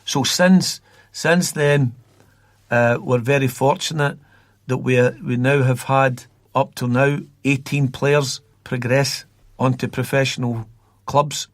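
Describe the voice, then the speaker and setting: Scottish male podcast guest, rambling storyteller, even tone, close dry mic. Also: medium pitch, slow, no room sound. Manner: rambling, repeats words while recalling. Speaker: guest from a youth football academy.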